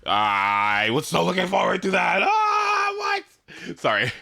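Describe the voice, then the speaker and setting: A man's voice: a little high, big pitch swings, moderate pace, vocal fry, bright, forceful tone. A man hosting a live stream in casual chat from his home setup, ranting in exasperation with frequent swearing and stammered restarts. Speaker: livestream host.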